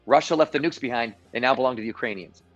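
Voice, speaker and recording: A man's voice: mid-range voice, very fast, dull audio, soft background music. A man hosting a live-streamed show and giving emphatic, self-assured commentary with sarcastic asides. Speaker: show host. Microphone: live-stream mic.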